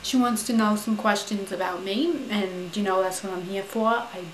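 A woman playing a brash, foul-mouthed young Staten Island woman with a New York accent, who rants loudly and says "you know" a lot. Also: medium pitch, fairly even intonation, moderate pace, slight background noise, natural voice. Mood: chatty, confident. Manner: loud, profane, indignant, full of "you know". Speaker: advice-giving vlogger character. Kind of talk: comic character monologue to camera. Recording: roomy echo.

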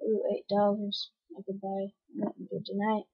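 A woman's voice: medium pitch, completely flat delivery, moderate pace, slightly rough, no echo. A woman giving dramatic, complaining gameplay commentary that breaks into panicked screams. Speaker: gamer. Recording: dull lo-fi home recording.

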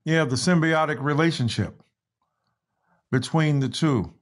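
A man's voice: a little high, a little slow. An American man in a video call, reading aloud in an impassioned, emphatic way and stopping to apologize. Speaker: guest author. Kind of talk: reading aloud in a virtual talk.

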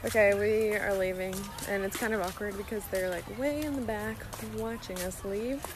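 A woman's voice: mid-range voice, normal speed, background noise. A woman vlogger telling a story in a chatty, casual way, full of "like"s and giggly asides.

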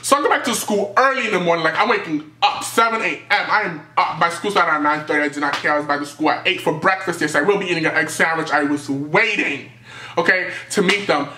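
A young man from New City, telling a storytime tale in a lively, animated way and acting out what people said. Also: fairly high pitch, quick pace, roomy sound. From New York City. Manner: animated storytelling, acting out quotes, jumps to yelps. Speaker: vlogger. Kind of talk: storytime vlog.

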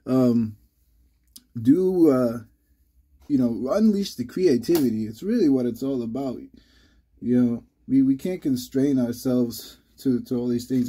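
A man hosting his channel in casual, rambling vlog talk, halting with many restarts, a little under the weather. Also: mid-range voice, expressive, mellow, slightly rough. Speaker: channel host.

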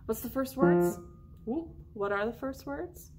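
A woman music teacher leading an online lesson for young children, talking slowly and encouragingly and singing short phrases with an instrument. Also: sits high, animated.

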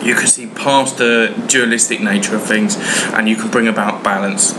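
A man's voice: lowish voice, steady tone, normal speed, noisy background. A man presenting in a casual, plain conversational way, explaining an idea to camera. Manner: plain, conversational, loose phrasing. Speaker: presenter of a satanist video. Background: loud music.

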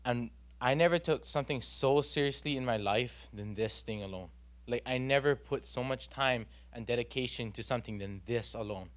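Young man, earnest testimony, rambling with fillers, mid-pitched voice. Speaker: student youth leader giving testimony. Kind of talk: personal testimony. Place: church youth gathering.

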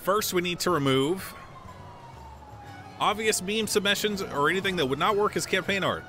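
A man's voice: high-pitched, animated, moderate pace, pushed and bright, faint music behind. A man livestreaming in casual chat, joking and swearing, laughing often as he talks.

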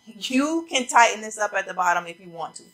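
A woman's voice: medium pitch, animated, a little fast, a bit bright, low-quality recording. A woman, chatting casually to viewers about coats in a try-on video, a little out of breath. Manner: chatty, addresses viewers as y'all. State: slightly out of breath. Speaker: fashion vlogger. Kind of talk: casual try-on haul chat. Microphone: camera mic facing a ring light.

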